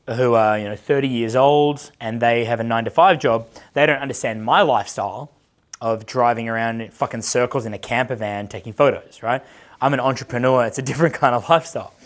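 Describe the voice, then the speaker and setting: A man in his thirties talks to a live audience as a dating coach, loose and brash, his speech full of swearing and anecdotes. His pitch sits in an ordinary middle range for a man. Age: 30s. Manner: brash, profane, storytelling. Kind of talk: casual seminar talk with audience questions.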